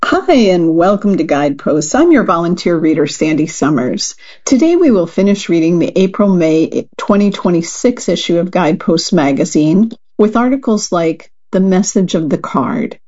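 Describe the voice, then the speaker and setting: A woman volunteer reader reading a magazine article aloud in a calm, measured way. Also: lowish voice, muffled recording.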